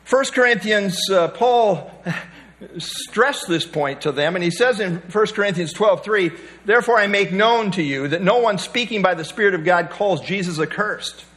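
Man, pastor, sermon, emphatic, repeats phrases, high-pitched. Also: expressive, moderate pace, fairly bright tone.

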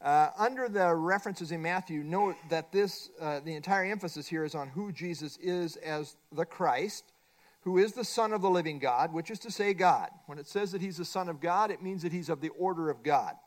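A man's voice: fairly high pitch, moderate pace. Emphatic man teaching a Bible study. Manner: emphatic, repeats key points. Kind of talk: Bible study lesson from a workbook.

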